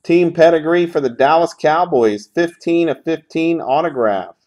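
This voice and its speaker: A man's voice: fairly high pitch, normal speed, a little mellow, dull audio. A man hosting a live sports card break, calling out pulls in a sarcastic, grumbling, profane way.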